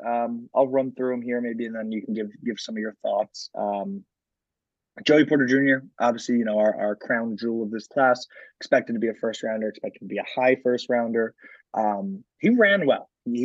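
A man with a husky, slightly rough voice talks sports in a loose, rambling way, dotted with "um" and "like." The sound is dry and a little dull, like a lo-fi home podcast setup. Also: medium pitch, a little fast, dry recording. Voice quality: frequent filler words and restarts. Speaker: podcast co-host. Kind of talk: casual sports chat.

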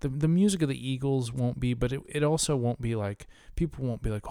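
A man's voice: mid-range voice, brisk, few pauses, dark tone, clean tone, no echo, clean studio sound. Profane, ranting podcast co-host man. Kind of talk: casual podcast chat.

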